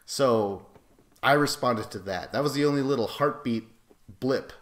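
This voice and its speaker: A man's voice: mid-range voice, measured pace, a bit bright. Crude, joking male podcast co-host. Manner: crude, joking, profane banter. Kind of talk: casual podcast chat.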